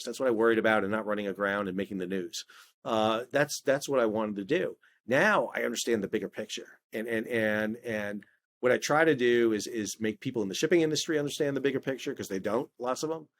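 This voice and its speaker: A middle-aged man speaking as an interview guest, telling lively anecdotes in a casual conversational way, often restarting his words. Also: fairly low pitch. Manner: animated storyteller, frequent stammered restarts. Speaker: podcast guest, maritime historian.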